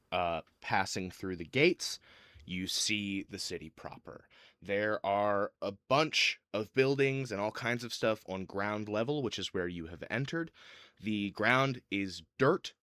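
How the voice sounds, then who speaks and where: A man's voice: lowish voice, fairly bright tone, dry recording, studio quality. A man running a tabletop game as game master, narrating casually with many fillers.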